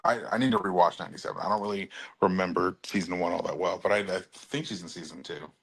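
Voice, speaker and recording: A man's voice: low-pitched, steady tone, fast, breathy edge, poor audio. A man co-hosting a casual pop-culture podcast, laid-back, mostly reacting with short remarks. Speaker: podcast co-host.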